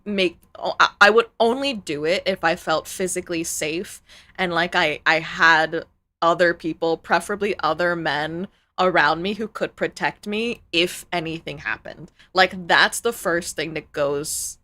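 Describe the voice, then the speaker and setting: Bright-voiced woman ranting on stream. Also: lowish voice, unhurried. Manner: heated and ranting; swears freely. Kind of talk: casual live-stream chat.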